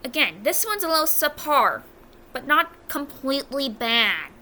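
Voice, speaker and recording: A woman's voice: high-pitched, big pitch swings, measured pace, sharp tone, slight background noise. A young American woman doing casual ranking commentary on a video, blunt and exasperated, often stopping to correct her own words. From United States. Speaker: video reviewer.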